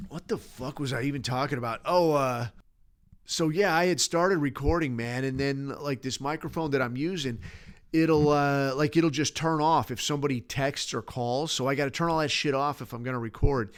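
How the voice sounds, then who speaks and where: A man's voice: medium pitch, normal speed. A man hosting a podcast, ranting alone in a rambling, profane, sardonic way. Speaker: podcast host. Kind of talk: casual solo rant.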